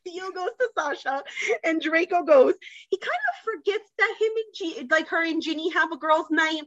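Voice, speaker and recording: A woman's voice: very high voice, normal speed, a bit bright, no room sound, highs cut off. A woman co-hosting a podcast, gushing with enthusiasm as she retells a story in casual chat and laughs along the way. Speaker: podcast co-host.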